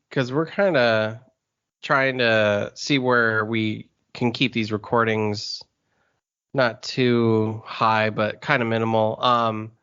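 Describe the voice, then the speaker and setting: A man's voice: medium pitch, fairly bright tone, clear, resonant tone, dull audio. A man co-hosting a podcast in easygoing casual chat, chuckling between remarks. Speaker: podcast co-host.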